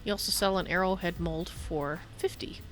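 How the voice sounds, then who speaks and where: A woman's voice: lowish voice, normal speed, fairly bright tone, faint music behind. A woman streaming a game, chatting casually, apologizing and reading chat aloud. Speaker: livestreamer. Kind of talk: casual gameplay commentary.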